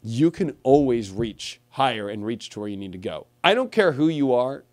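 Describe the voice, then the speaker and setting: A man hosting an astrology livestream, talking in a rambling, animated way full of fillers like "you know" and "okay". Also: mid-range voice, moderate pace. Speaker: astrologer host. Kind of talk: livestream talk.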